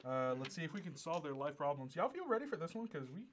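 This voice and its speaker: A man's voice: fairly high pitch, quick pace, slight background noise. A young man co-hosting a student livestream, joking and laughing a lot. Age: young adult. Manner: playful, laughs often, animated. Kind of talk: casual joking chat.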